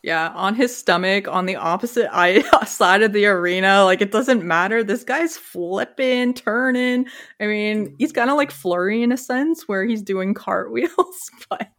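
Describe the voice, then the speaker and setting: Woman, sports podcast, chatty, laughing, mid pitch. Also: a little slow, fairly bright tone. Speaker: podcast co-host. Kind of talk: casual sports chat.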